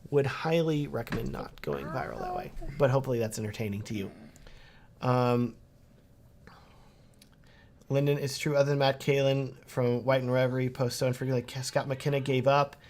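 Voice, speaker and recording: Man in his thirties, casual chatty livestream host, reads out viewer comments, relaxed delivery. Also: medium pitch, normal speed, a little hiss or hum. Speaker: wedding filmmaker and livestream host.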